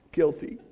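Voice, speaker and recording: A male pastor preaching a sermon in church, earnest, leaning hard on key phrases. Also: lo-fi sound.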